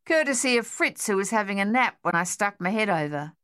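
A woman's voice: medium pitch, animated, a little fast, fairly bright tone, smooth, voice pushed up, natural voice. A woman doing a cheeky young soldier lad. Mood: jaunty.

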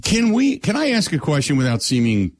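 Middle-aged man, lively rising and falling voice, dry close sound. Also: a little high, fairly quick, no room sound. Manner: animated storyteller, acts out his own lines. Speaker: radio show host. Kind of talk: casual chat.

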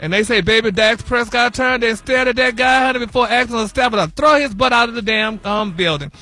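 A man's voice: very high-pitched, brisk, pushed and bright, faint music behind, full character voice. A man playing a flamboyant, sassy gossip host on a morning radio show, calling everyone honey and y'all. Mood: gossipy. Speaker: celebrity gossip correspondent. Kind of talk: comedic radio gossip bit.

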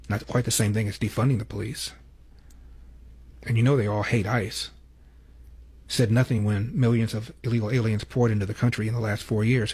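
A man's voice: fairly low pitch, darkish tone, slightly rough. A man giving sardonic political commentary, counting down a list of clips.

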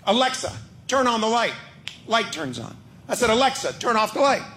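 Bright, high-voiced man telling a comic story. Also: sing-song, normal speed, slight background noise. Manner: exasperated storyteller acting out a phone call. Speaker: stand-up comedian. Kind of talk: stand-up storytelling.

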